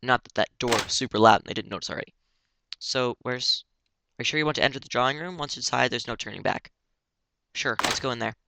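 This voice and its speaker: A man's voice: mid-range voice, fast, creaky, background noise. A man giving casual, giggly commentary while playing a story game and reading its text aloud.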